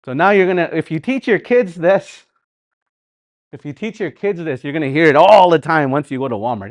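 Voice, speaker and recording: A man with a slightly high voice runs a live language class with animated energy, slowly repeating words for practice and at times singing phrases to show how they rise and fall. The recording is dry.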